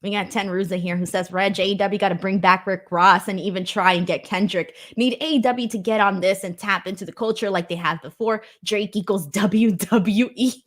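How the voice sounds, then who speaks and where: A woman's voice: medium pitch, steady tone, normal speed, hardly any pauses, a bit bright. A young woman hosting a casual wrestling post-show, reading viewer comments aloud and laughing often. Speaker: host. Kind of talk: casual chat.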